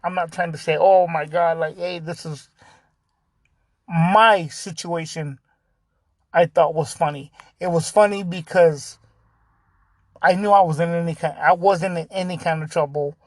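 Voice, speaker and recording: High-voiced man telling a story casually. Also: fairly even intonation, a little slow, long pauses, dry recording. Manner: laid-back, peppered with "dude" and "like", laughs often. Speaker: podcast host.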